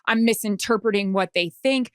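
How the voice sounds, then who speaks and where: A woman in her forties talks through a stressful story, anxious and animated. She speaks at a middle pitch into a close, dry studio mic with no room sound. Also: normal speed, clear, resonant tone, no room sound. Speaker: podcast co-host and sideline reporter. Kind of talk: casual chat.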